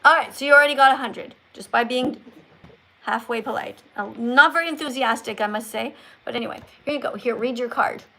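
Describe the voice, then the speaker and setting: A woman's voice: a little high, fairly quick, gravelly, bright, forceful tone, a little hiss or hum. A woman in her sixties hosting a livestream, chatting casually, teasing callers and reading viewer comments aloud. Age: 60s. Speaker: livestream host.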